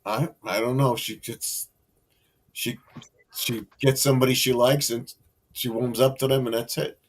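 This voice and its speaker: A man's voice: mid-range voice, steady tone, unhurried. Middle-aged man in rambling live-stream chat. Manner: rambling, loud when quoting others. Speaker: stream host. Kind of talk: casual chat.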